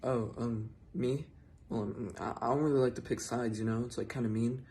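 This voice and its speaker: A man's voice: medium pitch, steady tone, brisk, gravelly, warm tone, slight background noise, pitched below the performer's own voice, natural voice. A man voicing a timid personified Switzerland who hesitates and avoids conflict.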